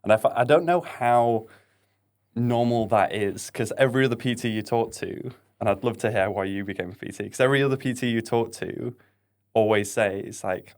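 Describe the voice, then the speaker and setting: A man's voice: mid-range voice, brisk, a little mellow. A man in his thirties with a northern English accent, a fitness coach speaking frankly and easily as a podcast guest. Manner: frank, easygoing. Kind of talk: casual podcast chat.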